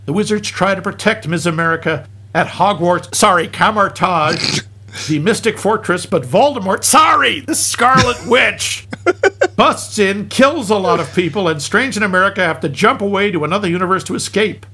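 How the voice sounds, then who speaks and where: Husky high-voiced guy doing a jokey movie recap, bouncy pitch all over. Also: lively intonation, bright, forceful tone. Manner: jokey, deliberate fake slips and corrections. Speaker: podcast co-host.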